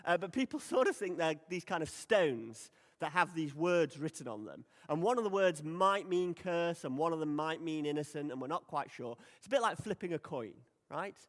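A man's voice: on the high side, expressive, normal speed, few pauses. A man preaching a sermon in a conversational, emphatic way. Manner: conversational, emphatic, acts out quoted lines. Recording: long hall reverb.

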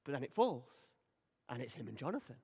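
A man's voice: mid-range voice, sing-song, fairly quick, a little mellow, slightly rough. A man preaching a sermon in a conversational, emphatic way. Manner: conversational, emphatic, acts out quoted lines. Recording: long hall reverb.

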